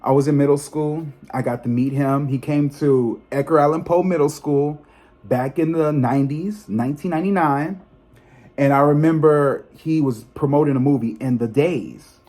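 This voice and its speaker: 30-something guy vlogging to his viewers, kinda high voice, chatty then ranting and cussing hard. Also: normal speed. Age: 30s. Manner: animated, emphatic ranting with frequent profanity; chatty, addresses viewers directly as y'all. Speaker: psychic tarot reader and channel host. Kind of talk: casual vlog talk to viewers.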